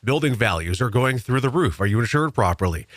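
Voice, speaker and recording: A man's voice: mid-range voice, animated, a little fast, fairly bright tone, no echo. A man who works as an insurance agent, chatting earnestly on a morning radio show and giving practical advice. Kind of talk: casual radio chat.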